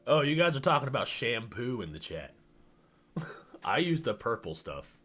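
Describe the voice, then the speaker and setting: A male streamer talks casually to his chat, wandering off topic and tripping over repeated words while laughing easily. His pitch swings widely, sitting in an ordinary middle register, and faint music plays underneath. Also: very animated, moderate pace, a bit bright. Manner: rambling, stammers and repeats words; laughs often, easily sidetracked. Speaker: livestreamer.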